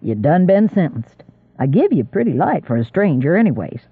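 A man voicing a gruff country squire. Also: fairly high pitch, sing-song, moderate pace, dry recording, narrow, tinny audio, full character voice. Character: older rural male squire, gruff and dry.

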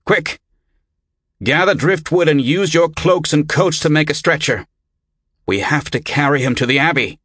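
A man voicing an urgent rescuer who shouts orders on a beach in a storybook reading. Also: a little high, normal speed, dry recording, voice pushed up.

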